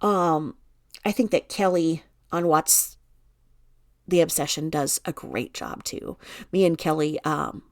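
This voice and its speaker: A woman's voice: slow pace, no echo, clean studio sound. A woman hosting a casual true-crime live stream, reading viewer comments aloud and answering bluntly, sometimes swearing and dropping to a mutter. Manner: often drops to a low mutter while reading the screen. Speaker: true-crime video host.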